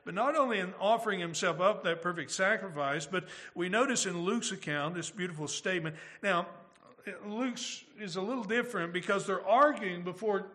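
Bright-voiced male preacher, high and clear. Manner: earnest preaching with rhetorical questions. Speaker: pastor. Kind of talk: sermon.

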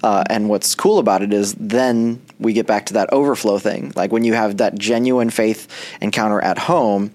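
Chatty low-voiced male pastor. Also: fairly even intonation, moderate pace, darkish tone. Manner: chatty, with many fillers and restarts. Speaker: pastor and podcast host. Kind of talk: casual faith podcast conversation.

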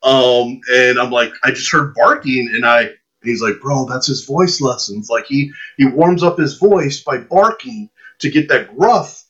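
A man's mid-range, breathy-edged voice moves a little slowly through a long, casual anecdote on a podcast where he's a guest. He plays out the dialogue of the people involved, his own words too, over a muffled, lo-fi recording.

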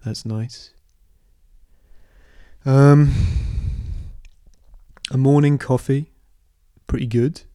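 Mellow-voiced young man, rambling. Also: medium pitch, extremely slow, pauses often, clear, resonant tone, no room sound, clean studio sound. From London, England. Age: 20s. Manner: rambling, hesitant, deadpan absurd humor. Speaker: podcast host. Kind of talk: casual solo podcast answering listener questions.

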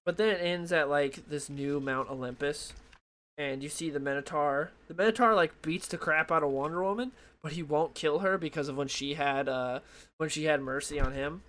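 A man's voice: a little high, moderate pace, a bit bright. A young man rambling loosely through a comic book review, full of fillers and restarts, talking into a desk microphone. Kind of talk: casual solo review talk.

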